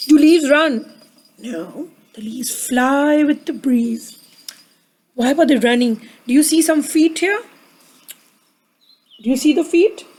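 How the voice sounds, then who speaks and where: Woman storyteller, sore throat, high voice, unhurried, gets children repeating words. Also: a little mellow, low-quality recording. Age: adult with a daughter. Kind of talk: reading a picture book aloud to children.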